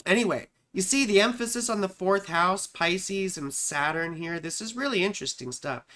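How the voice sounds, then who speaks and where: A woman's voice: on the low side, moderate pace, a bit bright. A woman astrologer hosting a live stream, reading viewers' charts in a chatty, affectionate way and calling them sweetheart and darling. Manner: thinks aloud while searching for charts.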